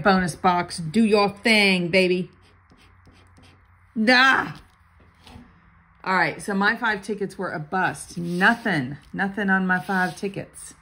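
A woman's voice: on the low side, creaky, fairly bright tone, slight background noise, poor audio. An older woman reading out lottery numbers and chatting playfully as she scratches tickets, sometimes muttering under her breath. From Florida. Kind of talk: casual chat while scratching tickets.

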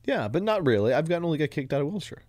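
A young man, a comedian guest on a podcast, telling stories casually with lots of profanity, acting out voices and bursting loud at punchlines. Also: a little high, very fast, dry recording. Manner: profane, animated storyteller, loud bursts when acting out calls. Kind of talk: casual chat.

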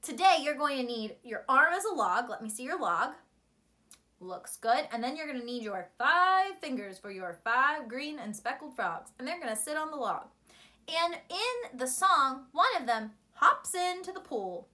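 A woman's voice: high voice, big pitch swings, moderate pace, pushed and bright. A woman teacher speaking to young children in an encouraging storytime lesson. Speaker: primary school teacher.

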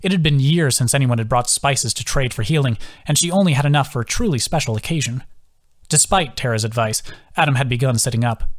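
A man's voice: medium pitch, brisk. Man narrating a fantasy audiobook. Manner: steady storytelling. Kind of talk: scripted narration.

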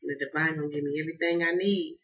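A woman's voice: low-pitched, fairly even intonation, racing, a bit bright. A woman from the Southern United States with a Southern accent, giving a casual tarot reading in a profane, emphatic and slangy way. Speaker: tarot card reader. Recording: dull lo-fi audio.

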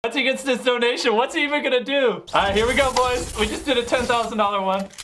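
A man's voice: very high-pitched, quick pace, loud music behind the voice. A young man hosting his video, talking in eager, hyped casual commentary and saying "dude" a lot. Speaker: video host making donations.

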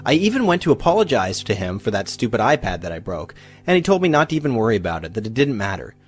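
A man's voice: on the low side, very animated, quick pace, faint music behind. A man voicing a grateful young married woman, bubbly and close to happy tears, gushing in a breathless retelling.

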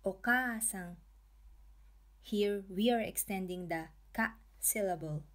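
Slow, careful woman teaching pronunciation. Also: medium pitch. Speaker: language teacher. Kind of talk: scripted lesson narration.

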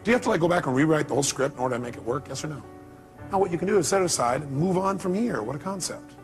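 A man's voice: a little high, lively intonation, racing, faint music behind. A man giving a live motivational seminar, speaking emphatically and firing rhetorical questions at the audience.

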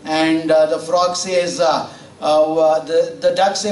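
A male preacher with a slightly high voice talks through a sermon in a loose, conversational way, stopping to question his listeners. He is heard from a distance in a roomy church sanctuary, with a faint hum of ambience behind him. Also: steady tone, takes it slowly, darkish tone. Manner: conversational, with fillers, asks the congregation questions. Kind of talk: sermon with storytelling. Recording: roomy church audio from far off.

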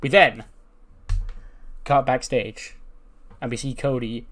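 A man's voice: medium pitch, fairly even intonation, slow pace, a bit bright, soft background music. A young man casually recapping a simulation game, chatty and swearing freely. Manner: chatty, swears, laughs at the results. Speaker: gaming channel host.

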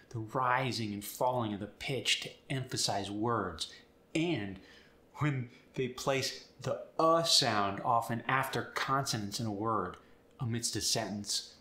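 A man teaching accents and explaining sounds step by step in an upbeat, clear way. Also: medium pitch, a little slow, pushed and bright, roomy sound. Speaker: accent coach. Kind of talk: instructional video.

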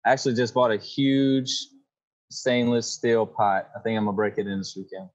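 A man's voice: lowish voice, little pitch movement, moderate pace, dull audio. A man from Louisiana with a Louisiana accent, a guest talking easily over a video call. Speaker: podcast guest. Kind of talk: casual chat.

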